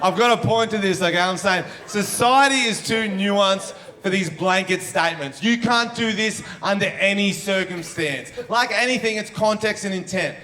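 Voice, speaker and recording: A man's voice: sits high, normal speed. A man doing a brash, profane stand-up comedy set on a club stage. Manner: brash, profane, punchy delivery. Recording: live show with loud crowd laughter.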